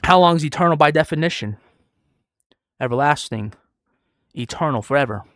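A man preaching a sermon and reciting Bible verses in old-fashioned wording, swinging between loud, fast exhortation and quiet, slow storytelling. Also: on the high side, expressive, dry recording, studio quality. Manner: quotes Bible verses in King James wording. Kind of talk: street-style sermon with scripture reading. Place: online virtual world.

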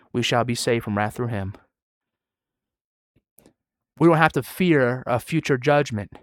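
A man's voice: mid-range voice, clear, resonant tone, no echo. Fervent male preacher, dry close sound. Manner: swings between loud, fast exhortation and quiet, slow storytelling; quotes Bible verses in King James wording. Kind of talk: street-style sermon with scripture reading. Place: online virtual world.

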